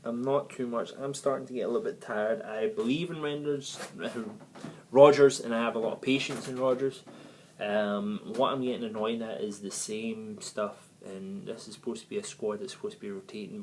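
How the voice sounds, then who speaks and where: A man's voice: lowish voice, steady tone, moderate pace, darkish tone, slight background noise, poor audio. A man hosting his own football fan channel, rambling on casually with lots of self-corrections. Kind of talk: casual rambling video commentary.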